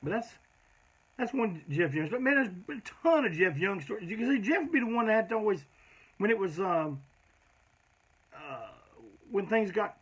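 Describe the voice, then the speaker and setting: A man's voice: high-pitched, a bit bright, breathy edge. A middle-aged man, a punk band singer, telling rambling, profane road stories in a casual monologue.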